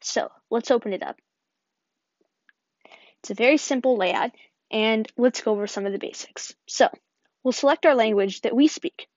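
A woman's voice: a little high, moderate pace, long pauses, darkish tone, no echo. A woman hosting an app tutorial, talking viewers through it step by step in an upbeat way and often saying "perfect". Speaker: tutorial host. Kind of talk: screen-recording app tutorial voice-over. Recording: dull, dry lo-fi voice-over.

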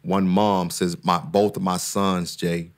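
A man's voice: sits low, little pitch movement, slow pace. A man, a therapist and guest speaker, talking in a casual podcast conversation with an earnest, preacher-like cadence that climbs when he makes a point, often repeating words and restarting sentences.

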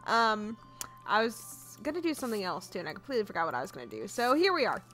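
A woman's voice: mid-range voice, very animated, fast talker, fairly bright tone, soft background music. A young woman giving casual, chatty commentary on her own video game, giggly and easily flustered. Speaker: gaming YouTuber. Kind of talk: casual let's-play commentary.

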